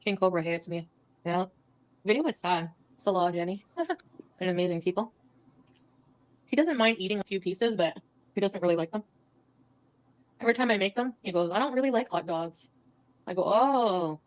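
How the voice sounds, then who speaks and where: A woman from Canada chatting casually on a livestream, reading viewers' comments and answering them softly. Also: medium pitch, expressive, fairly quick, pauses often, low-quality recording. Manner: soft, sympathetic, reads out viewer names. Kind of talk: casual live-stream chat.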